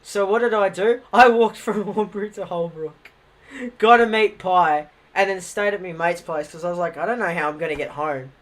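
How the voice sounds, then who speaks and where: A man's voice: high voice, moderate pace, fairly bright tone. Rambling young Australian guy telling stories. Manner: rambling, swears a lot, laughs at his own stories. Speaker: livestreamer. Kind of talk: casual storytelling on a livestream.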